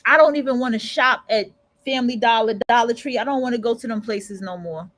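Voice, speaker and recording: Blunt, profane woman with a high voice. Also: fairly quick, a bit bright, no echo, low-quality recording. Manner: blunt, profane, emphatic ranting. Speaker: livestream radio host. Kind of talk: casual livestream commentary.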